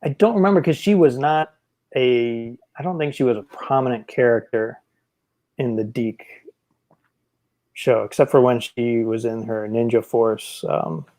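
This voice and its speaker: A man hosting a casual live stream chat, rambling with hesitant pauses and reading chat comments aloud over a video call. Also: medium pitch, darkish tone. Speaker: host. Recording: choppy home Wi-Fi video call.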